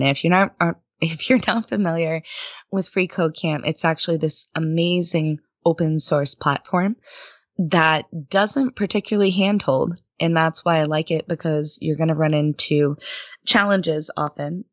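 Podcast guest, woman, low voice, dry close mic, animated storyteller who laughs a lot. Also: moderate pace, no room sound. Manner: animated storyteller, laughs often, mimics people in quoted voices. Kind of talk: casual interview conversation.

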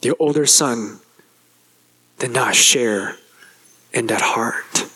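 A man's voice: slow pace, husky. A man preaching a sermon as pastor, speaking straight to the congregation and acting out a character's complaint with a rising voice. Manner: animated, acts out the older brother's complaint with rising pitch; addresses the congregation directly, asks questions.

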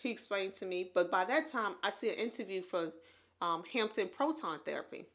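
Bright-voiced woman telling her story. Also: mid-range voice, fairly quick. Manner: animated, laughs often while telling her story. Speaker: podcast co-host. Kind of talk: casual storytelling chat.

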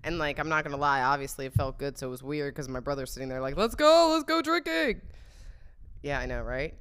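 A woman's voice: a bass voice, level tone, quick pace, a bit bright, clean tone. Candid, chatty young woman podcast host. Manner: candid, chatty, laughs often. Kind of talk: casual confessional storytelling.

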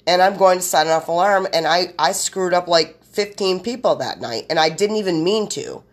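A rambling woman host talks straight to her listeners on her own podcast, piling run-on sentences on top of each other. Her voice sits a little low, and she swears freely and bluntly. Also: moderate pace. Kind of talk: rambling solo podcast monologue.

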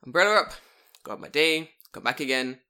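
A young man tells a long, rambling story in a casual chat with a friend. He swears freely, his pitch jumps all over the place, and his voice has a bright, forceful edge. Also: brisk, clear, resonant tone. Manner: animated storytelling, heavy swearing.

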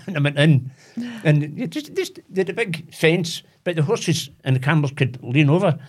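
An older man with a Glaswegian Scottish accent, telling childhood stories as a podcast guest with animated, laughing delivery. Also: on the high side, normal speed. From Glasgow, Scotland. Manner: animated anecdotes with frequent laughter. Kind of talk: casual storytelling.

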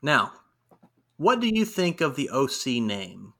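A young man co-hosting a casual wrestling recap podcast, animated and quick to laugh. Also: medium pitch. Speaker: podcast co-host.

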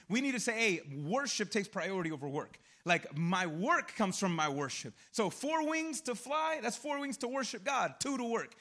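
A young man preaching a sermon in a lively, conversational way, with casual slang and quick asides. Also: high voice. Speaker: pastor.

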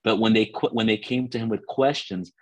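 Guy preaching on a call line, kinda low voice, dry close sound, stumbles and restarts words a lot. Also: steady tone, dry recording, rough recording. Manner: earnest teaching, repeats and restarts words, slows for scripture.

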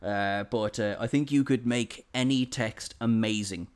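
A man's voice: on the low side, measured pace, smooth. A man with an Irish accent hosting a podcast, talking in an effusive, enthusiastic way. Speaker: podcast host. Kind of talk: casual podcast chat.

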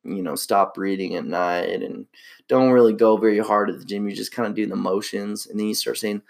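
Young man, podcast host, low gravelly voice, slangy, laid-back. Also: fairly even intonation, brisk. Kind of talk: casual solo podcast monologue.

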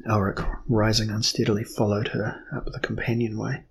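A man narrating a fantasy novel as an audiobook in a measured, even storytelling manner. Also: fairly low pitch, creaky, a little hiss or hum.

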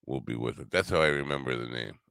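A man's voice: rumbling low, fast talker, creaky, fairly bright tone, clean tone, no room sound, clean studio sound. A tired man, rambling through a wisecracking, sarcastic solo podcast monologue as its host. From New York.

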